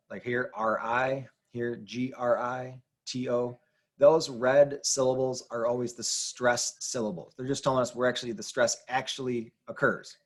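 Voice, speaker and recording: A man teaching a Spanish grammar lesson, explaining patiently and repeating key rules, with the occasional "um". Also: medium pitch. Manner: patient, repetitive explaining with fillers. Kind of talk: classroom-style grammar lesson.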